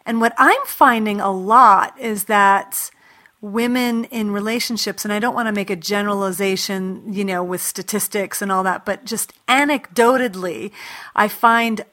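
A woman's voice: mid-range voice, bright, forceful tone. A woman hosting an interview show who asks long, effusive questions with eagerness. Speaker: podcast host. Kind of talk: interview and scripted intro.

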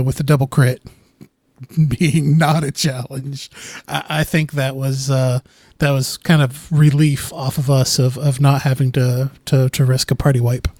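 A man's voice: mid-range voice, a little mellow, no echo. Thoughtful man, dry close sound. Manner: thoughtful, stammering restarts. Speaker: player. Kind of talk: podcast discussion.

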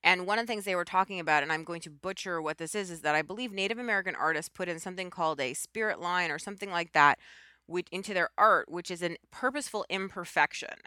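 Female podcast host, lowish pitch, tense bright tone, chatty and rambling. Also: fast talker, dry recording, clean studio sound. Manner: enthusiastic, rambling with asides. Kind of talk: casual chat.

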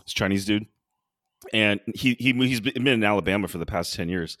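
A man co-hosting a podcast in casual chat, telling stories in an animated way and laughing often. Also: fairly low pitch, fairly quick, no echo, studio quality. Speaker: podcast co-host.

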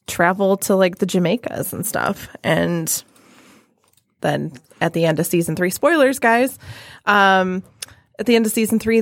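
In a casual podcast chat, a female co-host with a low-leaning voice rambles, often using fillers and restarting her sentences. The sound is clean and studio-grade, with no room ambience.

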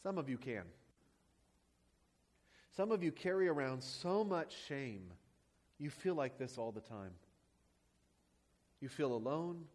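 A man's voice: medium pitch, animated, slow pace, long pauses, a little mellow. A man preaching a sermon as a pastor, praying and then teaching with rhetorical questions and emphatic repetition.

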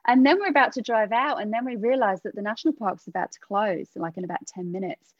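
A woman's voice: mid-range voice, quick pace, dry recording. English woman, dry lo-fi recording. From England. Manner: rambling storytelling with many fillers. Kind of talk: casual chat. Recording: dry dull lo-fi sound.

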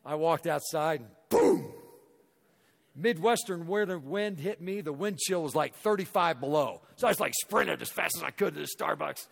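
A middle-aged man from Missouri giving a motivational talk to a hall audience, telling an animated story and acting out the dialogue. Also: a little high, normal speed, gravelly. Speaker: guest speaker. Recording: echoey hall reverb.

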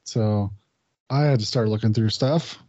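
A man's voice: on the low side, unhurried, warm tone, no room sound. Male podcast co-host, casual rambling storyteller, dry close sound, slightly dull lo-fi audio. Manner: rambling storyteller, swears, acts out friend's lines. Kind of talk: casual chat.

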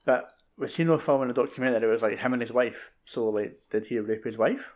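A man's voice: mid-range voice, fast, a little mellow. A Scottish man co-hosting a podcast, chatting in laid-back, sweary banter. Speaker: podcast co-host. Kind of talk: casual chat.

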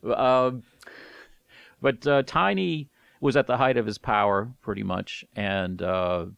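A man's voice: medium pitch, takes it slowly, vocal fry, fairly bright tone, clean tone, no room sound, muffled recording. A man co-hosting a podcast, chatting about old records with frequent fillers and restarts. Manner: hesitant, many fillers and restarts. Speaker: podcast co-host. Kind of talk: casual chat about music records.

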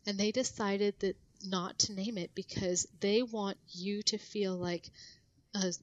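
A woman's voice: mid-range voice, steady tone, measured pace, no echo, dull audio. A woman guest on a podcast, explaining things casually with lots of fillers and restarts.

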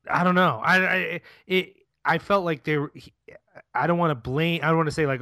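Man, movie podcast co-host, halting speech, slightly high voice, dry close sound. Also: bright, forceful tone, no room sound. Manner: halting, searching for words. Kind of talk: casual movie review chat.

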